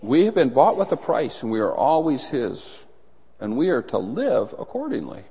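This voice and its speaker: Animated preacher man in a reverberant hall. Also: medium pitch, normal speed, vocal fry, slightly rough. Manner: animated storytelling, acts out voices in anecdotes. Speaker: pastor. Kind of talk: sermon. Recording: long reverb in a large hall.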